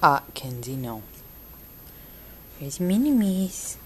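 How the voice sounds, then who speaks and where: A woman's voice: sits low, big pitch swings, slow pace, a little hiss or hum, poor audio. A young mother filming her baby at home, coaxing him in sing-song baby talk. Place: home, indoors. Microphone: handheld camera.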